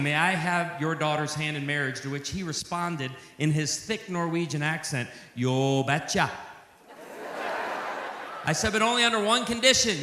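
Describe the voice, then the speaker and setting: High bright-voiced man joking from a stage. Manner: joking, animated storytelling. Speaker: pastor and speaker. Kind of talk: humorous sermon to a live audience. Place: large hall before an audience. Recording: echoey live hall with faint ambience.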